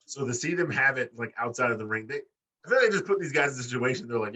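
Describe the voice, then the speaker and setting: Animated, profane man on a wrestling podcast. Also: racing, far from the mic. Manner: animated, profane, acts out quotes in high voices. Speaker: podcast co-host. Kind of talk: casual wrestling podcast chat.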